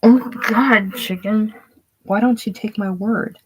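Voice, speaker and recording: A reader voicing a frightened, breathless former showgirl in a casual play reading, raised and pleading with a husky tone. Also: mid-range voice, fairly even intonation, slow, pitched above the performer's own voice. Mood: anxious.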